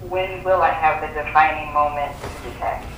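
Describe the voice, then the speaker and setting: A woman calling in for a reading, speaking hesitantly and haltingly. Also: low voice, steady tone, a bit bright. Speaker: caller. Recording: distant echoey phone line with faint noise.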